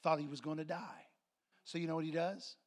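A man's voice: fairly high pitch, fairly even intonation, brisk. A man preaching a sermon to his congregation, telling a story and acting out voices and laughter. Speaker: pastor. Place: church sanctuary with congregation.

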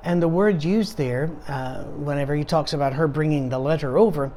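A man's voice: on the high side, normal speed, dark tone, slight background noise. A man, a pastor, leading a conversational Bible study, sounding tired and rambling from point to point with many fillers and restarts.

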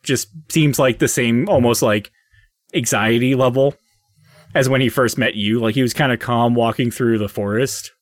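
A man narrating a tabletop game as dungeon master, casual and halting with fillers. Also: medium pitch, fairly even intonation, dry recording, clean studio sound.

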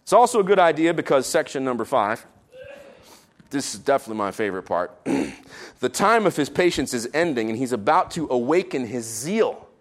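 A man preaching a sermon, animated and playful, swinging between loud exclamations and quiet asides. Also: mid-range voice, a little fast. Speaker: pastor.

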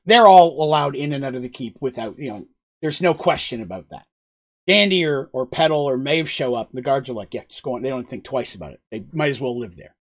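A man's voice: medium pitch, animated, fairly quick. A man narrating a tabletop role-playing game as game master, in a loose, rambling way with frequent asides.

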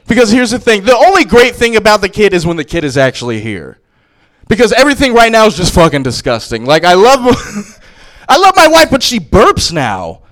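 A man's voice: high-pitched, sing-song, normal speed, a bit bright. A young man doing a stand-up comedy set on a club stage, telling brash, profane stories into a handheld mic.

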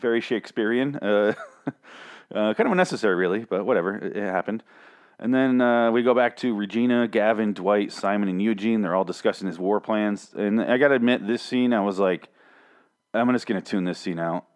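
A man with a lowish voice recaps a TV episode on his own, talking loose and unscripted. He swears freely, drifts off on tangents and pokes fun at himself as he goes. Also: fairly quick, smooth. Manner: rambling, profane, self-mocking. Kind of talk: casual solo recap.

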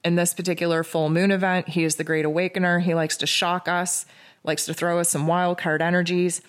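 A woman's voice: fairly low pitch, flat delivery, brisk, clear, resonant tone. A woman giving an astrology forecast in a loose, casual monologue, often sarcastic and mocking herself, stringing together lists of near-synonyms.

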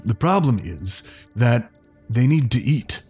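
A man voicing a level-headed orc who speaks in a calm, insistent way. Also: mid-range voice, slow pace, slightly rough, faint music behind, full character voice.

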